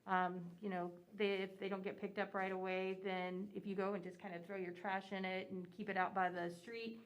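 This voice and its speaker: A woman's voice: mid-range voice, little pitch movement, fairly quick, dull audio. A woman city commissioner giving a council meeting report, rambling with many fillers.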